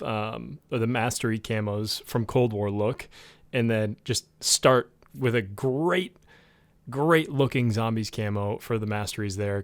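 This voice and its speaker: A man co-hosting a casual gaming podcast, talking in a rambling way with lots of fillers and getting excited about the game. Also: mid-range voice, no echo. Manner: rambling, with many fillers and restarts. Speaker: podcast co-host.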